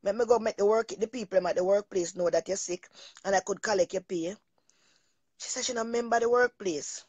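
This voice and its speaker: A woman's voice: medium pitch, a little fast, a little mellow, breathy edge, no echo. A middle-aged woman hosting a talk show, telling a personal story in an emotional, rambling way and often repeating herself.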